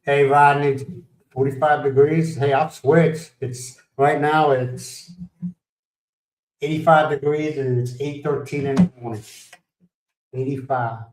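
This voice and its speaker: A man's voice: medium pitch, fairly even intonation, slow pace, long pauses, reverberant, distant mic, poor audio. A man from the United States hosting a livestream, chatting casually, telling rambling stories, laughing and greeting viewers by name. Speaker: livestream host. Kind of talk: casual chat.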